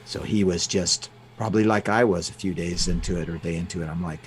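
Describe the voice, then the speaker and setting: A man's voice: low voice, a little hiss or hum. A man, a guest in an interview, telling personal stories with many restarts and fillers. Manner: halting, frequent restarts and fillers. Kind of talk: conversational storytelling.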